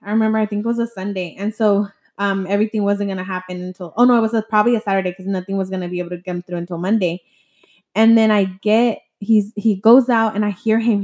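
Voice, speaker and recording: A woman's voice: mid-range voice, dark tone. A young woman telling a personal story in casual chat, rambling, filler-heavy and swearing freely. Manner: chatty storytelling full of "like" and swearing.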